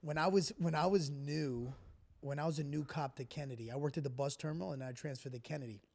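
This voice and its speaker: A young man telling profane stories in a casual, animated podcast chat, often acting out what others said. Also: a little high, fast talker, gravelly. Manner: profane, animated storytelling with acted-out quotes. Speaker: podcast co-host.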